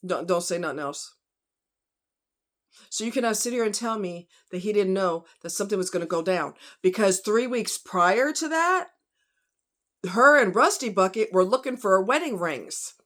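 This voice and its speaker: A woman's voice: mid-range voice, animated, moderate pace, fairly bright tone. A woman hosting a casual true crime vlog, talking bluntly and heatedly to her viewers. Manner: blunt, outspoken, fired-up; talks to viewers as y'all and honey.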